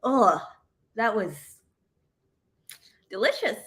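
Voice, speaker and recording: A woman's voice: on the high side, animated, extremely slow, fairly bright tone. A woman co-hosting a casual livestream, reading viewer comments aloud and giggling along. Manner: giggly, reads chat messages aloud.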